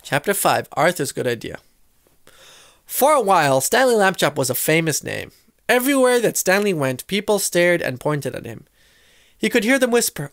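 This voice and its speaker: Storybook reader, a man with a high voice, dry close recording, lively character voices. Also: normal speed, no room sound. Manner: expressive, shifting voices for characters. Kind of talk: storybook read-aloud.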